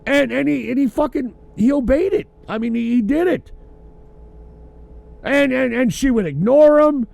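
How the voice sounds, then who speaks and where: Gravelly high-voiced man ranting, tipsy. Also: moderate pace. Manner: loud, profane, rambling rant. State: drinking, tipsy. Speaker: host of a call-in livestream show. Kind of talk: profane ranting livestream talk.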